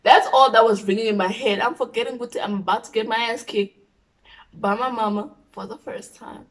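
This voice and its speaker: A young woman with a South African accent telling a personal story, animated, dropping into whispers for asides. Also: fairly high pitch, brisk, distant mic, rough recording. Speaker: YouTuber. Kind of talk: storytime vlog.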